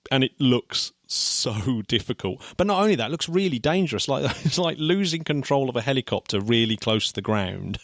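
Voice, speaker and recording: A man hosting a podcast in casual chat, animated and quick to laugh. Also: medium pitch, no echo. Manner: animated, laughing easily, many restarts. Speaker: podcast host.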